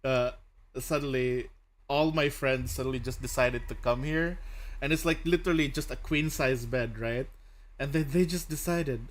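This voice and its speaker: A man's voice: medium pitch, normal speed. A young man chatting casually as a streamer host, telling stories with lots of laughter and acted-out quotes. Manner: laughs often, animated storytelling with voiced quotes. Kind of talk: casual chat while drawing.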